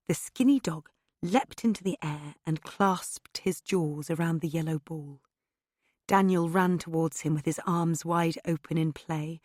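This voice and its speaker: A woman's voice: lowish voice, a little mellow, dry recording, clean studio sound. A woman narrating a cozy mystery audiobook in the first person, with a wry storytelling tone.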